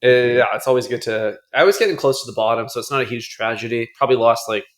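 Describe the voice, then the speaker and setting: A man's voice: medium pitch, fast. A young man co-hosting a podcast, chatting casually with dry, jokey asides. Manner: laid-back, dry jokey delivery. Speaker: podcast co-host. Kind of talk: casual chat.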